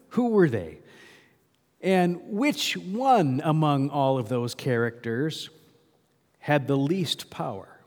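A man's voice: fairly high pitch, darkish tone, big-room sound. A male pastor giving a sermon in a conversational way, often asking the congregation questions.

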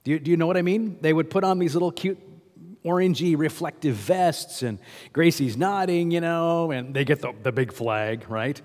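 A man's voice: a little high, normal speed, darkish tone, in a large hall. A male pastor giving a sermon in a conversational way, often asking the congregation questions.

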